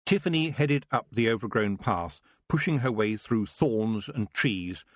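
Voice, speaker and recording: A man narrating an audiobook with expressive storytelling. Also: lowish voice, no echo. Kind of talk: scripted narration.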